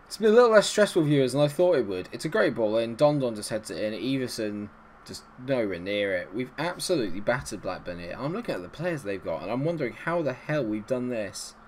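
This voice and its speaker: A man hosting a gaming channel, giving excitable, ranting commentary on his own game. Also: medium pitch, fairly quick, a little hiss or hum.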